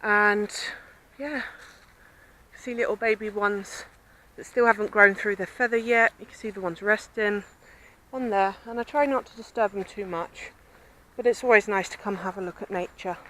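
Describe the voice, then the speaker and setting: Bright-voiced southern English woman, rambling outdoors. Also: mid-range voice, fairly even intonation, normal speed, rough recording. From Southampton, southern England. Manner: chatty, rambling, self-described babbling. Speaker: vlogger. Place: outdoors by a river with swans and ducks.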